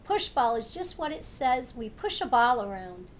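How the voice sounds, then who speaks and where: A woman's voice: a little high, big pitch swings, normal speed, slight background noise. A woman voicing a friendly, curious big fuzzy orange cat in a storybook reading, with an eager, chatty manner.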